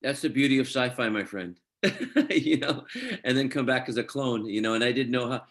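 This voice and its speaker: A man's voice: medium pitch, fast. A middle-aged man from Scotland, an actor telling stories in a casual interview and acting out quoted dialogue. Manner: animated storyteller, quotes others in dialogue. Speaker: actor guest.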